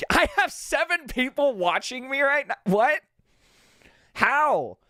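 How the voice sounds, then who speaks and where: A fairly high-voiced man rambles excitably on his own live stream, his pitch bouncing all over as he restarts his sentences. He talks into a dynamic broadcast microphone at a home streaming setup. The sound is close and dry, with no room echo at all. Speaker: livestream host. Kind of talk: casual live-stream chat. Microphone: dynamic studio broadcast microphone.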